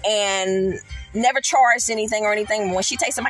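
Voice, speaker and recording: A middle-aged woman hosting a podcast, earnestly telling a personal faith testimony in an animated, emphatic storytelling manner. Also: medium pitch, moderate pace, soft background music, poor audio. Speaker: podcast host.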